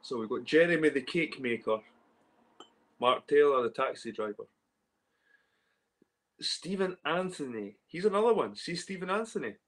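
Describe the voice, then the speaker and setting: On his casual livestream, a Scottish man with a fairly bright voice on the high side speaks at normal speed with lively intonation and frequent pauses. He answers chat in a rambling, swearing manner, circling back to repeat himself.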